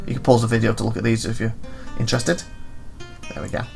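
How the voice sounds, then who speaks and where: A man's voice: fairly low pitch, fairly even intonation, fast talker, vocal fry, a little mellow, faint music behind. A man hosting a gaming video, rambling and thinking aloud as he reads through game menus. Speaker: gaming channel host. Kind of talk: casual gameplay commentary.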